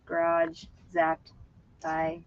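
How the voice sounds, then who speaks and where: A woman's voice: extremely slow, no echo. A woman from Virginia hosting a casual reseller stream. She chats while she works, giggles often and says "like" and "you know what I mean" a lot. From Virginia, USA. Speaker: eBay reseller and channel host. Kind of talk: casual chat while working. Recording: slightly dull lo-fi sound.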